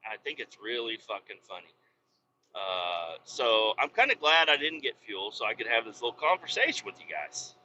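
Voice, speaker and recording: A man hosting a podcast, ranting heatedly with constant swearing and bursts of yelling, recorded in the cab of a semi truck while driving. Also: medium pitch, lively intonation, moderate pace, slight background noise. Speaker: podcast host. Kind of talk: profane ranting monologue. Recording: dull lo-fi recording.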